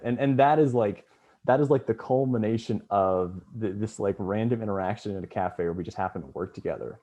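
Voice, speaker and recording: Mellow-voiced young man giving a rambling farewell. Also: on the low side, brisk. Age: young adult. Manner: casual, rambling, filler-heavy storytelling. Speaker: student government member. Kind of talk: farewell speech at online meeting. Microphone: video call.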